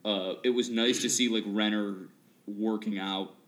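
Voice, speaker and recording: A man's voice: fairly low pitch, steady tone, a little slow. A man co-hosting a casual movie podcast, blunt and opinionated. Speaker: podcast co-host.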